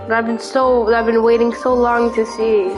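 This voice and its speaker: A woman's voice: fairly high pitch, flat delivery, normal speed. A young woman reacting to a game, talking casually and emotionally and exclaiming and repeating herself. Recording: loud game music behind her.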